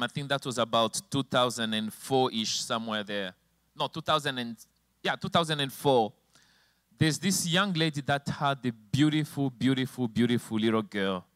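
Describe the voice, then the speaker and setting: A man preaching in church, weaving a painful story from his own life into the message. His voice is of middle pitch and swings up and down with feeling, and the sound is close and dry. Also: a bit bright, no echo. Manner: emotional storytelling, voice rising and falling sharply. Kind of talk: sermon with personal testimony. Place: church with slides and a helper at the computer.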